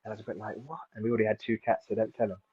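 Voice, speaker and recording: Fast-talking guy from south london, rambly, lots of "like", kinda dull sound. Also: on the low side, level tone, husky. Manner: rambling, many fillers and restarts. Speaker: guest, seaweed farmer. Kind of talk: casual interview chat.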